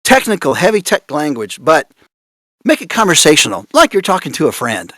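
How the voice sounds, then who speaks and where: A man speaking on a conference panel about voice direction, amused and animated, laughing often. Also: on the high side, fairly quick, no echo, clean studio sound. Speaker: panelist on voice acting.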